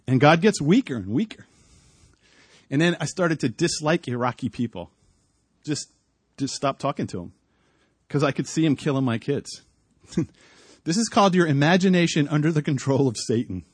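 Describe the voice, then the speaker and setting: A middle-aged man preaching outdoors, telling a personal story, swinging between hushed and loud moments. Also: on the high side, lively intonation, moderate pace, pauses often, slightly rough, no echo. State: coughing, clearing throat.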